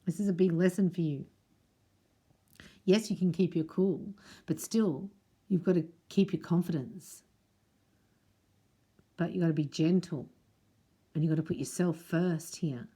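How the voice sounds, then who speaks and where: A woman's voice: on the low side, unhurried, long pauses, dark tone, breathy edge. A middle-aged woman giving a chatty spiritual reading to camera, talking straight to the viewer and reading prayers aloud. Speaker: spiritual reader and Reiki teacher.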